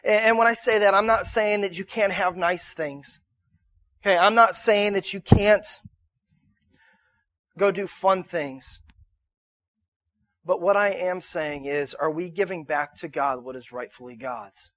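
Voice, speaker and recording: A male pastor in his thirties preaching a conversational sermon to a room, repeating himself and rising to shouts in his stories. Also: high voice, a little slow, long pauses, dry recording. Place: church auditorium.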